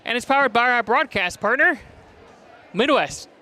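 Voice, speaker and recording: A man broadcasting a high school wrestling preview, energetic and quick, rattling off stats and names while a little out of breath. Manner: energetic, fast-talking, reading stats and names. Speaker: play-by-play broadcaster. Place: top of gym bleachers.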